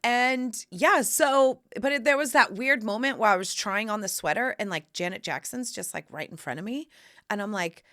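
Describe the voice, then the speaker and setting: A woman in her forties hosting a podcast, telling stories in a lively, casual chat full of fillers. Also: mid-range voice, normal speed. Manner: animated, chatty storytelling with lots of fillers. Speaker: podcast host. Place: room of a home studio.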